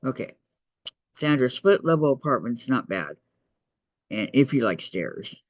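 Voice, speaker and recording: A man's voice: mid-range voice, big pitch swings, unhurried, no echo, low-quality recording. A man hosting a quilting shop's online meeting. He talks casually through a crafting demonstration, muttering to himself as he works and reading out viewer messages.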